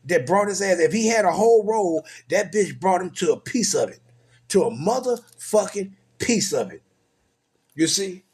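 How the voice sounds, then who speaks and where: Rising into loud, high outbursts, this man preaches from scripture crudely and profanely while throwing out rhetorical questions. His voice is slightly rough.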